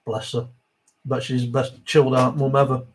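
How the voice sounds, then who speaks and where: A man's voice: medium pitch, level tone, moderate pace, breathy edge, rough recording. A middle-aged man hosting a live Q&A stream, chatting casually and reading viewer comments aloud.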